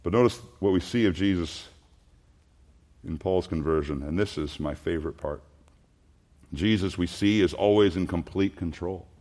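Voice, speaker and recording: Slow, earnest male preacher. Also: low-pitched, dark tone. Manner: earnest, emphatic, rhetorical questions. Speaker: pastor. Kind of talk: expository sermon.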